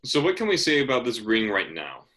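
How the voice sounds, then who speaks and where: A man's voice: mid-range voice, wildly swooping pitch, brisk, fairly bright tone. A young man tutoring chemistry, asking guiding questions in a patient, casual way with frequent restarts.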